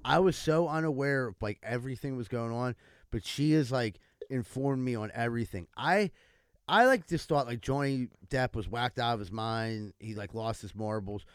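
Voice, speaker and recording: A man's voice: mid-range voice, moderate pace, smooth, no room sound. Young male co-host, chatty and filler-heavy, dry close mic. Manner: filler-heavy, says "like" a lot. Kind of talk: casual chat.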